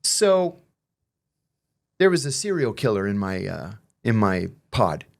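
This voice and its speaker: A middle-aged man telling stories in a loose, conversational way. His pitch swings widely as he acts out the quoted back-and-forth, and he swears freely. The delivery is lively and animated. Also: takes it slowly, vocal fry. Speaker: guest telling prison stories. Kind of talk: casual storytelling conversation.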